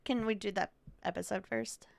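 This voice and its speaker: A woman's voice: mid-range voice, steady tone, normal speed, vocal fry, no echo. A young adult woman co-hosting a podcast in casual chat, rambling through stories and giggling often. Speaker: podcast co-host.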